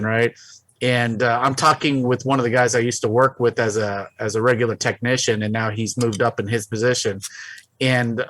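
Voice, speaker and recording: Crude, animated male podcast storyteller. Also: mid-range voice, no echo. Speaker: podcast co-host. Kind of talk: casual storytelling chat.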